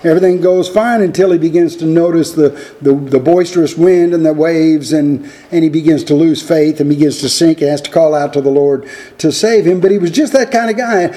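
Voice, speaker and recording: A man's voice: fairly high pitch, normal speed, dark tone. A man preaching a sermon in an earnest, folksy way, often restarting phrases and raising his voice to act out quoted lines. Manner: acts out quoted lines with a raised voice.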